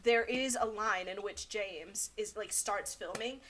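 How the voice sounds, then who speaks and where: A woman co-hosting a podcast in casual chat, excitable and gushing, with lots of fillers and laughter. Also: mid-range voice, a little slow, a little hiss or hum. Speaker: podcast co-host.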